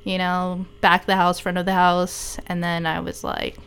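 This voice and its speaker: A young adult woman from Texas, a podcast guest from the beer trade, chatting casually and candidly, quick to laugh. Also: lowish voice, completely flat delivery, gravelly, a bit bright, a little hiss or hum. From El Paso, Texas. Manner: laid-back, candid, laughs easily. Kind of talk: casual chat.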